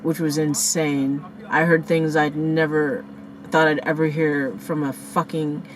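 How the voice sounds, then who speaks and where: A woman vlogging in a casual storytelling style outdoors, shaken and in shock, talking fast and cursing as she retells a crash and acts out what people said. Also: sits low, a little hiss or hum, rough recording. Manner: profane, animated, rants and acts out quotes. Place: outdoors near a parking lot by the beach.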